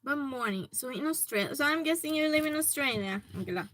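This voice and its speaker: Stream host, woman, fairly high bright voice, friendly chat with viewers from her hobby room. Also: expressive, quick pace, rough recording. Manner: chatty, greets viewers by name. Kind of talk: casual chat reading viewer comments.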